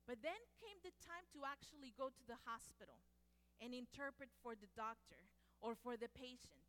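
A native Spanish-speaking woman with a notably high voice shares personal stories. She talks expressively and slips into the voices of the people she describes. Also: lively intonation, moderate pace, fairly bright tone. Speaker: speaker and former medical interpreter. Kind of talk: personal storytelling talk.

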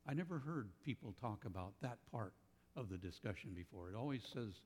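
A man with a fairly low voice delivers a sermon, thinking aloud with frequent pauses and restarts. His words ring out into a reverberant hall. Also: expressive, a little mellow, husky. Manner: slow, thoughtful, with pauses and restarts. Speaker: preacher.

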